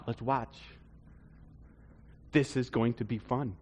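A man preaching a conversational sermon, swinging between loud bursts and hushed asides. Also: mid-range voice, sing-song, unhurried, long pauses, slightly rough. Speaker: pastor.

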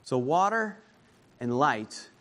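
Slow, emphatic male preacher. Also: mid-range voice, very animated, a bit bright. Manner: slow, emphatic, rising to fervent declarations. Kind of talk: sermon.

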